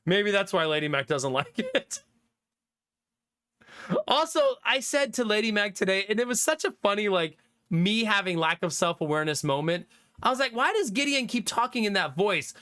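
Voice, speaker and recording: A man in his thirties chatting casually with his stream viewers, reading their messages aloud and laughing often. His voice is bright and clear. His pitch swings widely as he talks. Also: sing-song, normal speed. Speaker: livestreamer.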